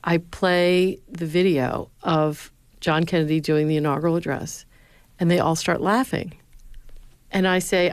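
A low-pitched middle-aged woman tells stories earnestly in an interview. She recorded in a dry, close setting. Her voice lifts when she quotes other people. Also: steady tone, moderate pace, clean tone, no room sound. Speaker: former speechwriter, university lecturer. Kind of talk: interview answers, storytelling.

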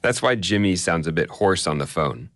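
A man narrating a scripted radio news feature as the reporter, in a measured storytelling way. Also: low-pitched, expressive, fairly bright tone, dry recording, clean studio sound.

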